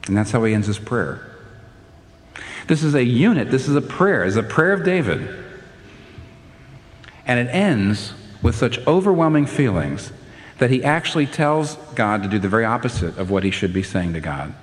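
An older man preaching a sermon in an animated way, his voice climbing to emphatic peaks, with frequent restarts. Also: mid-range voice, moderate pace, pauses often, long reverb tail.

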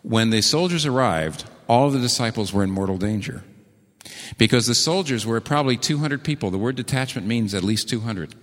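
A man preaching a sermon, telling stories earnestly and slowing down to repeat key words with emphasis. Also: medium pitch, animated, big-room sound. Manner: earnest storytelling with slow emphatic repetitions. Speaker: pastor.

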